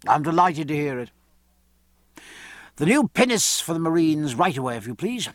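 Male reader as a blunt ship's captain; crisp orders, lively rise and fall. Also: on the high side, normal speed, no room sound, clean studio sound, natural voice. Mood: commanding.

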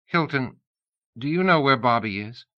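A man's voice: medium pitch, expressive, normal speed, dull audio, voice pushed up, close to an everyday voice. A man voicing a restless young woman with a blunt, dry, teasing manner. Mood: curt.

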